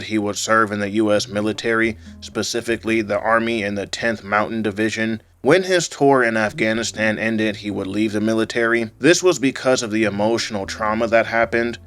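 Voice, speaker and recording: A man reading a scripted gaming video essay into a home microphone, in a calm, fairly monotone way with occasional rises. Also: on the low side. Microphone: home microphone voice-over. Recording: faint background music under voice-over.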